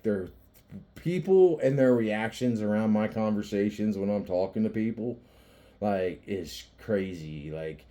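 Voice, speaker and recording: A man's voice: fairly low pitch, warm tone. A man talking in a casual, rambling monologue, joking and cursing a lot and often laughing as he goes. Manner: rambling with frequent restarts and fillers. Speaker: vlogger.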